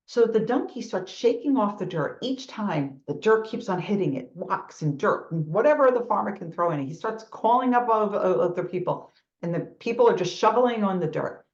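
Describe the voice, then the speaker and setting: New York woman giving a lively pep talk. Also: fairly low pitch, normal speed. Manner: lively storytelling, acting out quoted thoughts. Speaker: motivational speaker. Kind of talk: motivational talk with storytelling. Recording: echoey room, dull lo-fi sound.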